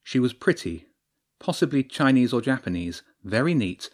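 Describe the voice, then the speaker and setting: A man reads a story aloud with a steady storytelling delivery. His voice sits in a middle register. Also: mid-range voice, normal speed. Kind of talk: scripted narration.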